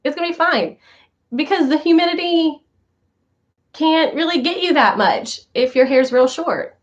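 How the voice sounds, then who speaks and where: A young woman from the northern United States chats casually with her viewers in a high, bright voice. She tells stories with lively quoted voices. The recording sounds a little dull and lo-fi. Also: a little slow. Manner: chatty, animated storytelling with quoted voices. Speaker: show host.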